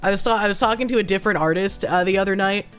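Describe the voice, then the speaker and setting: A woman with a hoarse, sick-sounding voice, chatting casually on a live stream as she reads donations, rambling and swearing freely. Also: mid-range voice, racing, faint music behind. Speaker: streamer reading chat and donations.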